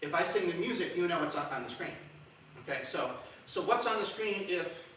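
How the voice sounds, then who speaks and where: Bright-voiced man lecturing in echoey hall. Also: sits high, fairly quick, slight background noise. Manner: animated, many restarts, sings and hums examples. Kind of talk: public lecture. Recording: echoey hall recorded from far.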